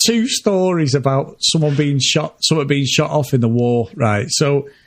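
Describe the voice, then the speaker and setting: A man's voice: fairly high pitch, normal speed. A man co-hosting a podcast, telling a family story in casual chat, laughing often and swearing freely. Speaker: podcast co-host.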